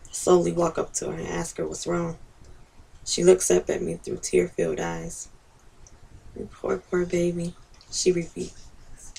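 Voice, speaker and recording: A woman reads her personal essay aloud in a slow, measured way. Her voice is deeply gravelly and husky, and her pitch stays flat and level. She sits back from the microphone, so she sounds distant. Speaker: author reading her own essay.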